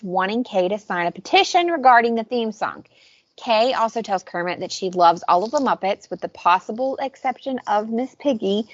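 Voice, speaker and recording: A woman co-hosting a casual podcast, telling stories in an animated way and recapping shows. Her voice sits in the middle range and sounds dry and close. The recording is a little dull and muffled. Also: mid-range voice, no room sound. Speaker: podcast co-host. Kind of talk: casual chat.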